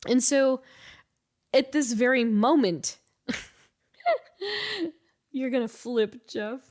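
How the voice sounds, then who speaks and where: A woman's voice: fairly high pitch, fairly even intonation, slow, darkish tone. A woman co-hosting a podcast in casual chat, her voice stuffy and nasal, telling a story with animation and frequent laughs. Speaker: podcast co-host.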